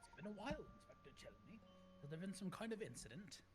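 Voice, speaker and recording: A player voicing a calm, courteous gentleman professor detective with a put-on refined accent. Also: mid-range voice, fast, over loud music, lightly acted.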